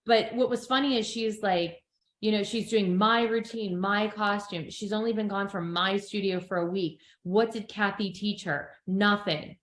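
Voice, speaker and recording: A woman's voice: mid-range voice, moderate pace. A middle-aged woman co-hosting a podcast, chatting casually as she recaps a TV episode and acts out what people said. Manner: chatty storyteller, acts out quotes with animated voices. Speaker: podcast co-host. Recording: echoey room.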